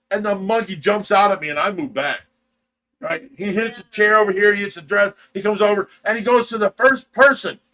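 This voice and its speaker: Animated high-voiced storytelling man. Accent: Midwestern American. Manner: animated, shouts and mimics in the telling. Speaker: show host telling a story. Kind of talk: casual livestream storytelling.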